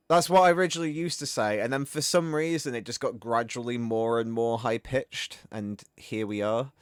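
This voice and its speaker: A man hosting a game stream, chatting casually in a rambling, animated way. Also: mid-range voice, normal speed, few pauses, smooth, no echo, clean studio sound. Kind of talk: casual chat.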